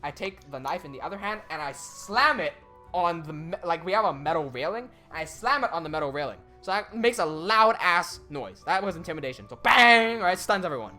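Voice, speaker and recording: A young man telling a story in casual chat, animated, with quick asides and swearing. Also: on the high side, faint music behind.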